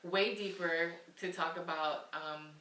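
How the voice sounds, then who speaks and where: A woman's voice: fairly low pitch, fairly even intonation, takes it slowly, roomy sound, far from the mic, a crowd in the background, poor audio. A woman hosting a casual podcast, chatty and often laughing as she wraps up with her guest. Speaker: podcast host.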